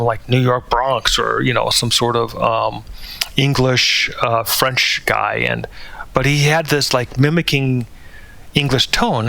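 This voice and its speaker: Man, gravelly voice, bright tone, hesitant commentary full of fillers, dry close sound. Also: mid-range voice, dry recording. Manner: hesitant, many fillers and restarts. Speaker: channel host. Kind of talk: spoken commentary.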